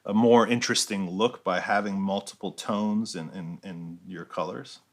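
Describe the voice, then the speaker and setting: A man's voice: deep voice, steady tone, moderate pace. A man teaching a step-by-step painting tutorial, explaining each move as he paints and often checking in with "right?". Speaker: art instructor.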